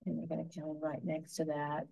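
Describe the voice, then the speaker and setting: A woman giving a gentle, unhurried painting tutorial, talking through each brushstroke as she works. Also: low voice, completely flat delivery, vocal fry, a little hiss or hum, rough recording. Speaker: painting instructor.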